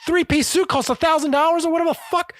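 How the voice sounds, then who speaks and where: A man's voice: very high voice, steady tone, quick pace, a bit bright, no room sound, clean studio sound, pitched above the performer's own voice. A man putting on a furious middle-aged male chef who screams and swears at his staff. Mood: furious screaming.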